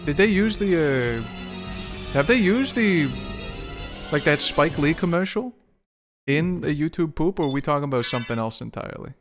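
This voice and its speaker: A man's voice: on the high side, animated, normal speed, music in the background. A young man streaming a game, rambling profanely and joking with his chat. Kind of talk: casual gameplay stream chat.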